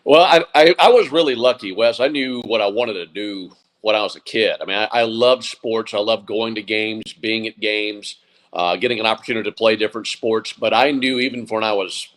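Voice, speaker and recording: A man's voice: lowish voice, normal speed, a bit bright, rough recording. A man in his forties, a sports broadcaster, giving thoughtful interview answers with frequent fillers and restarts. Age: 40s.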